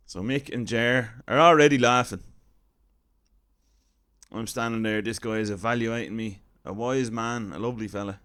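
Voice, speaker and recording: A man's voice: mid-range voice, unhurried, pauses often, a bit bright. Wry Irish man telling a story. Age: 30s. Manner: wry, self-deprecating, conversational. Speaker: comedian storyteller. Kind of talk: casual comic storytelling.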